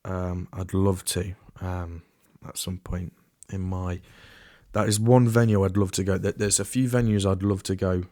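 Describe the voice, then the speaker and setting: A man's voice: low-pitched, steady tone, unhurried, mellow, no echo, clean studio sound. A man hosting a solo podcast in a casual, rambling way, often restarting and trailing off into asides. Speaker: podcast host.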